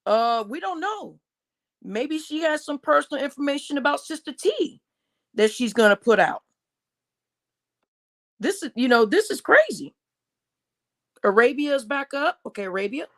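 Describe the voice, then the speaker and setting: A woman's voice: high-pitched, very animated, measured pace, long pauses. A woman hosting a casual commentary chat, agreeing with her guest and recapping what others have said. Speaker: host.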